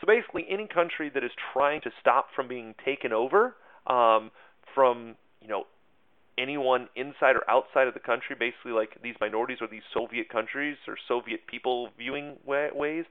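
A man's voice: medium pitch, fairly quick. Chatty man teaching history, tinny sound. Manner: chatty, self-mocking asides, many fillers. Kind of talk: casual history lecture.

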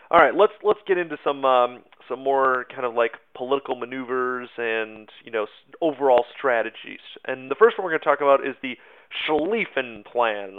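A man's voice: mid-range voice, smooth. Chatty man teaching history over tinny audio. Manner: informal, chatty, many fillers and asides. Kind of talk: casual recorded history lecture. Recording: narrow phone-like sound.

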